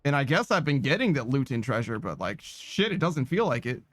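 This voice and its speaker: A man's voice: mid-range voice, sing-song, fairly quick, fairly bright tone. A man giving let's-play commentary in a sardonic, profane, rambling way. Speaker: gaming streamer.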